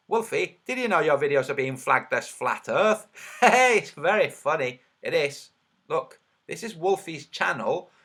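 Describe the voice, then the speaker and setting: A man making online videos, talking over his screen and counting out loud as he argues his point, his voice a little trembly. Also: fairly high pitch. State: slightly trembly voice. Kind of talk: screen-share commentary.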